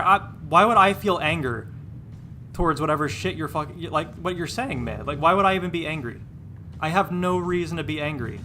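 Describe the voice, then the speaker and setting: Man streaming a game, bright tense voice, casual rambling chat, stumbling restarts, exasperated, faint background noise. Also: fairly high pitch, brisk. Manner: rambling, repeats words and restarts often; exasperated, dismissive.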